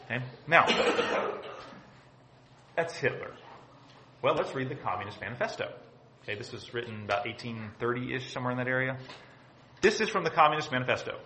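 A man's voice: medium pitch, expressive, brisk, bright, forceful tone, slight background noise. A male pastor preaching a sermon in a church, emphatic, asking the congregation rhetorical questions and repeating his points. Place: church sanctuary. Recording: echoey church room.

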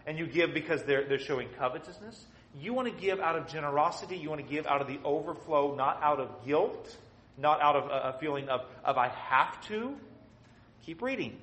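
Man, preacher, sermon, shifts from hushed to loud, slightly high voice. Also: brisk, echoey room, low-quality recording. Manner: dynamic, swings from soft to loud, acts out quotes. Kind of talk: expository sermon.

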